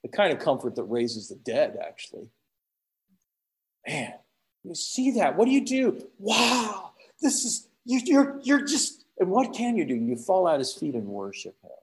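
A man preaching a sermon, acting out prayers and quotes with sudden swings from loud exclamations to hushed tones. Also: medium pitch, wildly swooping pitch, normal speed.

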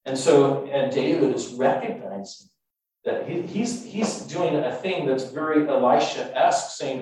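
A man preaching and telling stories in an animated, self-mocking way with halting restarts. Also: mid-range voice. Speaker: preacher and tour guide. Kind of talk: sermon with storytelling. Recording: echoey room, mic far off.

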